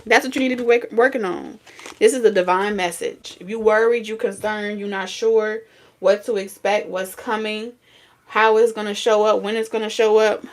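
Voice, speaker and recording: A woman's voice: medium pitch, steady tone, moderate pace. Blunt, profane woman giving a tarot reading. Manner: blunt, profane, scolding street talk with sudden laughs and singing. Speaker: tarot reader.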